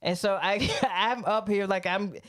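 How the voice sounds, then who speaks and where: A woman's voice: medium pitch, unhurried. Woman podcast host rambling through a story, cursing a lot, laughing as she goes. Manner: animated, profane, laughs often while telling a story. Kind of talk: casual storytelling chat.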